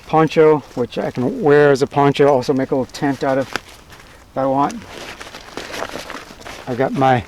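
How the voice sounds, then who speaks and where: A man hosting a bushcraft channel, giving a relaxed, plain-spoken gear review and listing items one by one. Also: mid-range voice, unhurried, pauses often, slight background noise. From United States.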